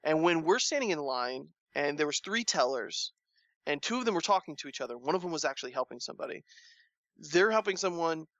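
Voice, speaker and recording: Animated man telling a story, dry lo-fi sound. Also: fairly quick, no echo. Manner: animated storytelling, acts out quoted lines with rising pitch. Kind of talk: casual chat.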